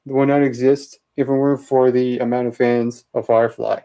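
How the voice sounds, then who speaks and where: A man in a casual vlog, going through his movie collection and giving chatty, opinionated takes, often pausing with uh and um. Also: medium pitch, little pitch movement, mellow, clean tone. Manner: chatty, opinionated, with many uhs while listing titles. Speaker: vlogger showing his DVD collection.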